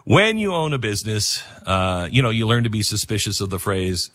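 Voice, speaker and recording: Man, radio talk host, husky, dry sound, rambling, self-mocking. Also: medium pitch, big pitch swings, a little fast, few pauses, a bit bright, dry recording. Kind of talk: talk radio host reading live ads and ranting.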